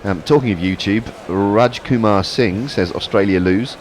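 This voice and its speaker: A man's voice: fairly low pitch, moderate pace, slight background noise. A man co-hosting a live cricket broadcast, reading listener messages with dry, sardonic jokes. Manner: dry, jokey, sardonic asides. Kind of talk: casual live commentary chat.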